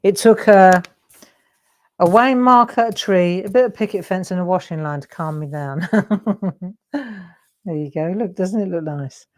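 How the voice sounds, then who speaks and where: With a warm, lowish voice at a moderate pace, a middle-aged woman hosts a live drawing demo. As the craft demonstrator, she chats casually, meandering and often interrupting herself.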